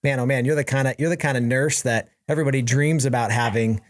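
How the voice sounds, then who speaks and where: A man's voice: medium pitch, fairly even intonation, fast, no echo. Man, podcast host, encouraging, restarts sentences, dry close sound. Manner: warmly encouraging, repeats words as he starts sentences. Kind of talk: casual interview chat.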